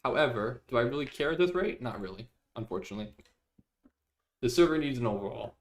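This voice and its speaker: A man's voice: mid-range voice, animated, fast. A young man streaming live, chatting casually with viewers, reading their messages aloud and laughing often.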